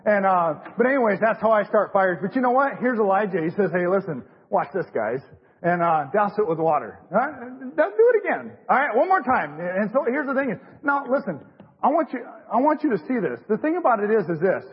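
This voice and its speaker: Speaking fast with big swings in pitch, a middle-aged lay preacher with a high, slightly rough voice preaches informally in a church sanctuary. His folksy, repetitive delivery is riddled with fillers and restarts, and the lo-fi recording sounds dull, with the reverberation of a large hall.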